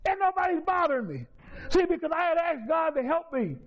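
A man giving a personal testimony in a lively, colloquial storytelling way, with many restarts. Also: very high voice, a little fast, dull audio. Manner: colloquial, repetitive restarts, chuckles through the story.

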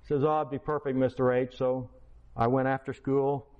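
A man's voice: mid-range voice, little pitch movement, moderate pace, highs cut off. A man in his sixties telling a personal story in a sermon, acting out the dialogue and building to emphatic preaching. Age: 60s. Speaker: Christian speaker, schoolteacher. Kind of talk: testimony sermon.

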